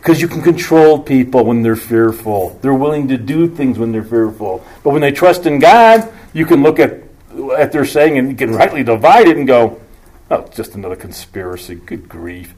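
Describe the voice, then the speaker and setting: A male preacher teaching from the Bible, reading scripture slowly and emphatically and then dropping into quieter conversational asides with dry humor and rhetorical questions. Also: mid-range voice, animated, rough recording.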